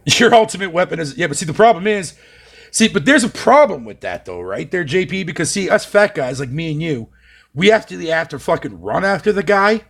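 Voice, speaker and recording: A man's voice: fairly high pitch, big pitch swings, a little fast, gravelly. A young man from Canada chatting on a live stream, reading his chat aloud with profane, mocking banter.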